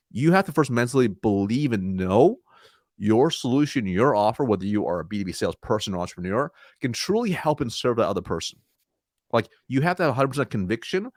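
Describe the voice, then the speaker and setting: A man answering interview questions about sales calls, energetic, acting out timid and confident voices. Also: no echo, clean studio sound. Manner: energetic, demonstrates weak and confident tones by shifting his pitch. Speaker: sales consultant, guest.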